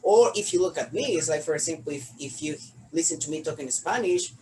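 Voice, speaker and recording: A man from Honduras hosts an interview, asking questions in a halting way and repeating words as he works out what to say. His voice sits a bit high, with faint noise behind it. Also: warm tone, poor audio. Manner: halting, repeats words while searching for phrasing. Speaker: interviewer, host. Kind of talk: casual interview conversation.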